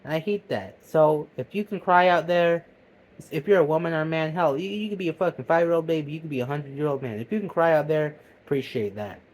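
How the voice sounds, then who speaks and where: A man delivering a profane, heated comedic rant that swings between loud outbursts and low mutters. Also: fast talker. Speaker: vlogger. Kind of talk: comedic ranting monologue.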